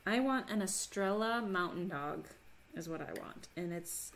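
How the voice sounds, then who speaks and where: A woman's voice: fairly low pitch, lively intonation, unhurried, a bit bright, slight background noise. A woman from Minnesota chatting casually on a crafting livestream, reading chat aloud and laughing often. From Minnesota, USA. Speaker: livestream host.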